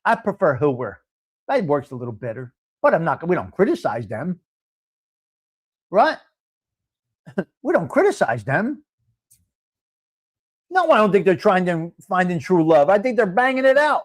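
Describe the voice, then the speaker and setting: A man's voice: high-pitched, very animated, measured pace, long pauses. Blunt crude-talking New man. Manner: blunt, crude, laughing, talks straight to chat viewers. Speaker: host of a live coffee talk stream. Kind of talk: casual live-stream chat.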